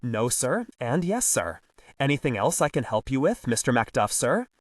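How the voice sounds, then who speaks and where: A man doing a deadpan, unflappable porter. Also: mid-range voice, normal speed, no room sound, distant mic. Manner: dry, deadpan. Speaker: college porter.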